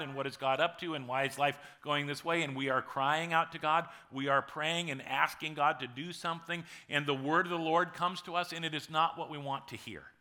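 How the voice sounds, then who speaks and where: A male pastor in his forties delivers a sermon as a story, talking to the congregation like a friend and leaning into dramatic pauses. His voice is bright and sits slightly high.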